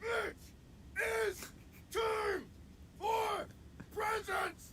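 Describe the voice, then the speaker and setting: A man's voice: extremely high pitch, steady tone, very slow, a little hiss or hum. A man giving scripted narration for a comedic text adventure game, mostly dry storytelling. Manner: dry storytelling, breaking into shouts for quoted lines.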